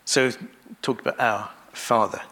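A man preaching to his congregation with a gravelly, creaky edge to his voice. He speaks in a measured way, pausing often and going back over his phrases. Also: mid-range voice, fairly even intonation, fairly bright tone. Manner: measured, with pauses and restarts. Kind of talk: sermon.

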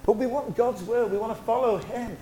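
A male pastor, preaching a lively, conversational sermon full of humorous stories. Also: very high-pitched, fairly quick, a little hiss or hum. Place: church hall.

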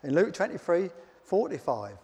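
Male preacher, slightly high voice, long hall reverb. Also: very animated, normal speed, a little mellow. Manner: reads scripture aloud then comments in plain chat. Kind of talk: sermon.

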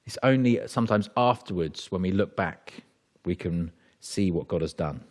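A man's voice: sits low, normal speed, darkish tone. A man preaching a sermon in a conversational way, often restarting his sentences.

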